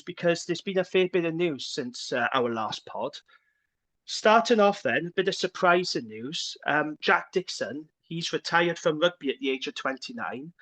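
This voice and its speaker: A man hosting a rugby podcast, chatting casually and reading out news in quick, upbeat bursts. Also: on the high side, a bit bright. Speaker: podcast host.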